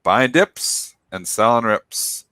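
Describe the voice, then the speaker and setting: A man's voice: medium pitch, lively intonation, slow, pushed and bright, dry recording. A man co-hosting a market show, emphatically explaining trading basics and repeating his point. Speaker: co-host, trader. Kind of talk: market talk show commentary.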